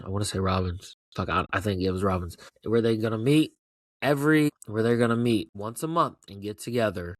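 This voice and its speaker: A man hosting his own show, giving a casual, rambling recap of a TV finale. He talks with excitement, swears freely and keeps asking "right?". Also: fairly low pitch, dry recording. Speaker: show host.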